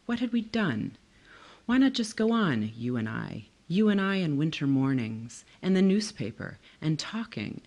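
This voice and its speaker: A woman author reading from her own novel in a measured, expressive way. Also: deep voice.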